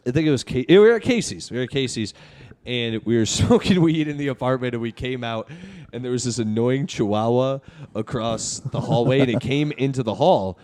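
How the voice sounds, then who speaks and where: A man's voice: mid-range voice, a little fast, darkish tone. A man hosting a podcast from his apartment, chatting casually, laughing often and swearing freely. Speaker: podcast host. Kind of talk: casual chat.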